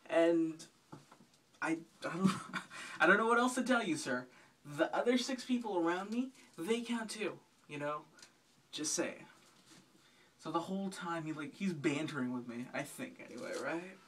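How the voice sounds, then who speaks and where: A man's voice: on the high side, expressive, moderate pace, fairly bright tone, distant mic. A man doing stand-up, telling a rambling, profane, self-mocking story. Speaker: stand-up comedian.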